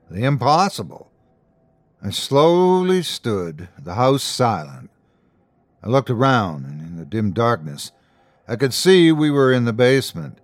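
A man tells a scary story in a dramatic, drawn-out way, his pitch swinging widely from line to line. The sound is dry and close, with no room around him. He sits in a mid range for a man. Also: big pitch swings, no room sound. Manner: dramatic, slow suspenseful delivery. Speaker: host and narrator. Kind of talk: scripted horror story narration.

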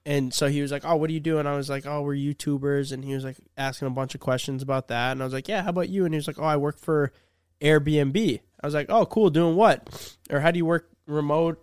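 A man's voice: on the high side, fairly even intonation, fast talker, clean tone, no echo, clean studio sound. A young man hosting a casual podcast, telling a story and acting out both sides of the conversation. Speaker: podcast host.

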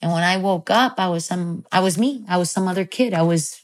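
A woman with a slightly low voice tells a personal story in a casual, animated way. She talks loosely, with plenty of fillers and restarts. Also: a little fast. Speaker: guest telling a personal story.

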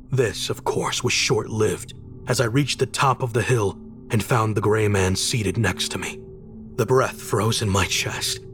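A man's voice: fairly low pitch, fairly bright tone. A man reading a scripted first-person horror story aloud in a tense, dramatic manner. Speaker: narrator.

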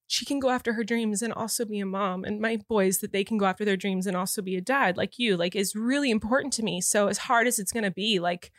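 A woman co-hosting a podcast in casual chat, tearful and emotional, talking quickly and animatedly with laughter breaking in. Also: medium pitch, no echo, studio quality. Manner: rapid, animated talk broken by laughs. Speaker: podcast co-host.

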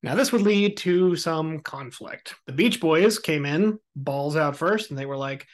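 A man hosting a podcast, telling a story in a casual, animated and joking way. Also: on the high side, unhurried, few pauses. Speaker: podcast host.

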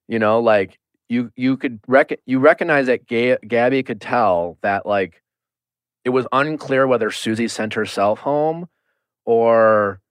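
Man, podcast host, casual chat, animated, middle pitch, dry close sound. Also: slow, clear, resonant tone, dry recording. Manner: animated, swears, acts out quotes.

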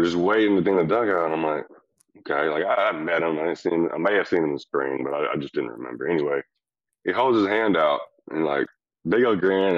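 Brash, profane former pitcher, very deep voice. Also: male voice, no room sound. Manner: brash, profane, animated storyteller. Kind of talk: telling a locker-room anecdote. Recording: dull lo-fi clip.

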